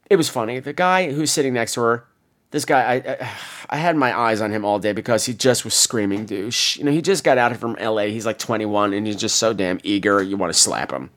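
A man hosting a podcast, telling a casual, profane story and acting out the people in it. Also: medium pitch. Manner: animated, profane, acts out the people in his stories. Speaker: podcast host.

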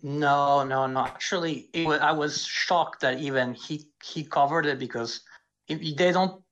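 A man's voice: a little high, steady tone, a little slow, a bit bright. Spanish-accented male caller on a dull line. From Venezuela and France. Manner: rambling, repeats himself. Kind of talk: casual phone-in chat.

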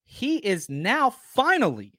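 A man's voice: very high-pitched, wildly swooping pitch, takes it slowly, pushed and bright, dry recording, clean studio sound. A man hosting a live sports talk stream, ranting casually and animatedly, swearing and interrupting himself. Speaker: sports talk show host.

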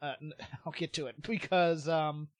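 A man's voice: a little high, steady tone, normal speed, no room sound. A man hosting a podcast, telling stories casually and laughing often. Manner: chatty storyteller, laughs often, frequent restarts. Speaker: podcast host. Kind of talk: casual chat.

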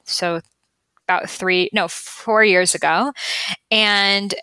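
A woman guest on a podcast, telling a story with animated acted-out voices. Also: medium pitch, slow pace, smooth, no room sound, low-quality recording. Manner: animated, acts out quoted voices loudly.

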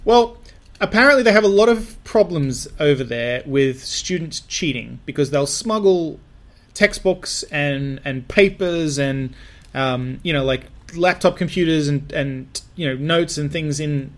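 Brief: male podcast co-host, slightly high voice, loose rambling delivery full of fillers and laughs. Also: expressive, a little slow. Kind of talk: casual comedy chat.

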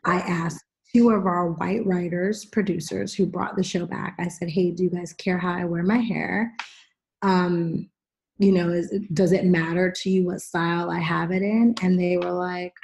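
A middle-aged woman hosting a podcast, chatting casually and telling animated stories with acted-out quotes. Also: fairly low pitch, moderate pace, creaky. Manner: animated storyteller, acts out quotes. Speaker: podcast host. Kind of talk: casual chat.

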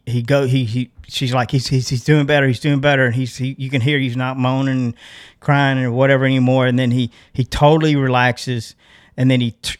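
A middle-aged man with a mid-range voice co-hosts a podcast, spinning a long story in a relaxed, lively way. He laughs a lot and acts out the voices of the characters involved.

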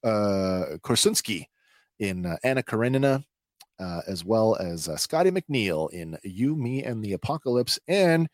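Low-voiced man recapping an episode. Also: sing-song, measured pace, no room sound, studio quality. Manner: hesitant, many filler sounds, chatty. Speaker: podcast host.

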